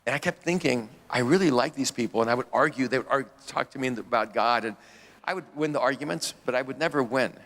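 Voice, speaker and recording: A pastor as interview guest tells a story in a loose, rambling way, restarting sentences and chuckling at himself. His voice has a gravelly edge. The sound carries the long reverb of a hall. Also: medium pitch, fast, fairly bright tone.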